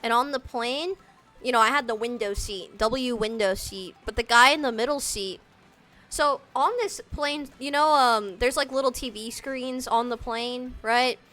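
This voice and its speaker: Casting: young woman game streamer with a bright, higher voice. Loose, slangy, rambling chat with faint game music underneath. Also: measured pace. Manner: rambling and slangy, heavy use of "like" and "dude". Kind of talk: casual live-stream chat while gaming.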